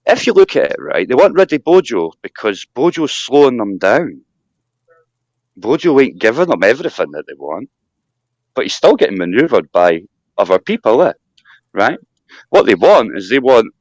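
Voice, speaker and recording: A Scottish man hosting a casual live chat, talking in an animated, rambling rant with mocking asides. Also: mid-range voice, no room sound. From Scotland. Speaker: live stream host.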